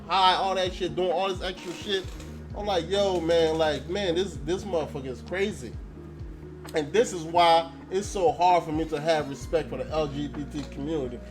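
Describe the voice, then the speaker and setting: A young man telling a story in a blunt, profane casual rant, acting out quoted dialogue. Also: a little high. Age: young adult. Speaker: channel host. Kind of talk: casual ranting monologue.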